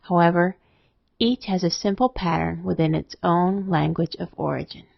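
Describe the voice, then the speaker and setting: A woman narrating a scripted spelling lesson, explaining rules in a steady, methodical way. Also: on the low side, moderate pace, vocal fry, dry recording. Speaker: spelling teacher. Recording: dry, dull lo-fi voice-over.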